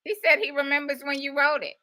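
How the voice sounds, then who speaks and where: A woman hosting a radio interview, speaking in with expressive affirming interjections. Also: high-pitched, fast talker. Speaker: radio host.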